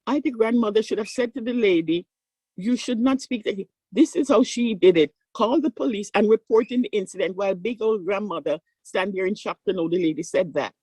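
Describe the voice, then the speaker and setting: A woman's voice: mid-range voice, a little fast, few pauses, warm tone, slightly rough. An older woman speaks on a conference panel, a surgeon telling family stories with plenty of animation. She acts out the voices of the people she quotes. The sound is dry and close, with little room echo.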